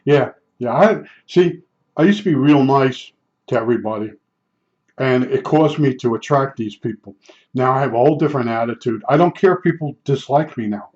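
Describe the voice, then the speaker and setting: A man's voice: mid-range voice, moderate pace, darkish tone. An older man telling rambling, blunt stories in a vlog, with frequent restarts. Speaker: vlogger. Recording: dull lo-fi sound.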